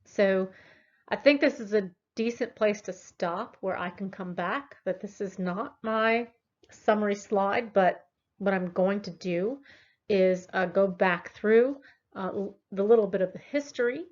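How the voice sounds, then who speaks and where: Tired-sounding woman lecturer, lots of ums and restarts, dull lo-fi laptop mic, mid pitch. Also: measured pace, a little mellow. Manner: explanatory, with frequent fillers and restarts. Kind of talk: recorded online lecture.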